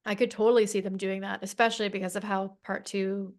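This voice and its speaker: A woman's voice: mid-range voice, flat delivery, fast. A woman guest in a casual chat, talking emphatically with many fillers and some swearing.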